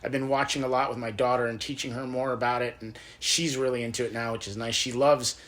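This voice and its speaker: A man's voice: mid-range voice, little pitch movement, fast, fairly bright tone. A young adult man co-hosting a podcast, telling a story with feeling in a casual chat. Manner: emotional storyteller, acts out quoted lines. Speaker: podcast host.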